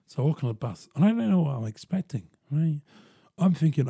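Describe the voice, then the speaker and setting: A young man telling a personal story in a casual, animated way, swearing freely. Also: on the high side, brisk, gravelly, breathy edge, dry recording, studio quality. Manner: animated, swearing, chuckling asides.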